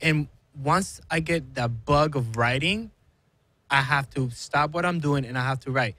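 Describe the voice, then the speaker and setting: A man's voice: mid-range voice, measured pace, pushed and bright, no room sound. A man co-hosting a podcast in casual chat, mostly agreeing and chiming in with short replies. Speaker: podcast co-host.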